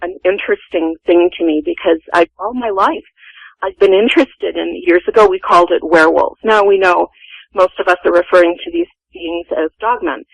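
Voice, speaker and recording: A woman's voice: lowish voice, fairly quick, vocal fry, husky, no echo, poor audio. A woman in her sixties, a guest telling a personal family story in an earnest, vivid way.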